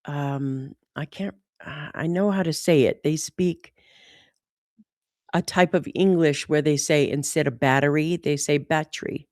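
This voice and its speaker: An American woman talking casually as a host, animated and often saying "like". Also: low voice, a little slow, no echo, studio quality. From United States. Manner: animated, says "like" often, mimics accents. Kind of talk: casual conversation.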